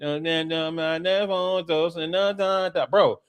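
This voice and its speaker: Slangy dude on a podcast, swears a lot, pretty high voice, super animated. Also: male voice, unhurried, clean tone. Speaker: podcast co-host. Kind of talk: casual chat.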